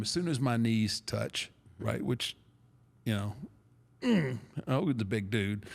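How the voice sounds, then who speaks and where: Man, middle-aged, gravelly, low-pitched, rambling, self-deprecating storyteller. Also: lively intonation, slow pace. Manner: rambling, self-deprecating, with frequent restarts and laughs. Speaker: podcast guest storyteller. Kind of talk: casual storytelling chat.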